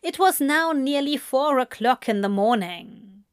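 A woman narrating a fan fiction story in a calm, unhurried way. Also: high voice, clean tone, no echo, studio quality.

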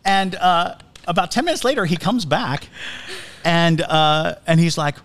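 A man's voice: fairly high pitch, a little slow, a bit bright. A man co-hosting a podcast, telling a story in a casual, chatty way, restarting his sentences and chuckling as he goes. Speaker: podcast co-host.

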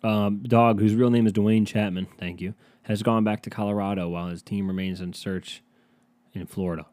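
Laid-back profane man with a mellow voice. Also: on the low side, fairly even intonation, moderate pace. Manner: rambling, profane, sarcastic. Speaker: podcast host. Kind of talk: casual solo podcast chat.

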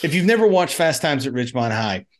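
A man's voice: medium pitch, fast. Argumentative man on a movie podcast. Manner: argumentative, animated storytelling, quotes lines in funny voices. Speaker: podcast co-host. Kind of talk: casual movie podcast chat.

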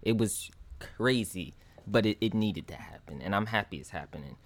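A man co-hosting a sports podcast, offering animated opinions in a colloquial, casual way. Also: on the low side, normal speed. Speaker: podcast co-host.

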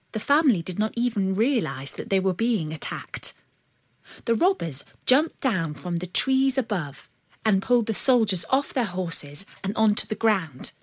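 Slow-reading woman storyteller. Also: medium pitch, no room sound, clean studio sound. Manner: measured, expressive. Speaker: narrator. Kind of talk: storybook narration.

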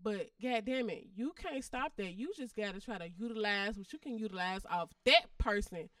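A woman's voice: mid-range voice, normal speed, fairly bright tone, no room sound, studio quality, recorded from a distance. A woman co-hosting a casual podcast, talking bluntly and emphatically with lots of profanity. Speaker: podcast co-host.

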